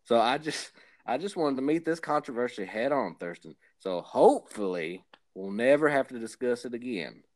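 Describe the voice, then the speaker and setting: A man playing a blustery Southern hillbilly podcast host with a drawling Southern accent and deliberately bad grammar. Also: mid-range voice, animated, lightly acted. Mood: rambling. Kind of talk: comedic character banter.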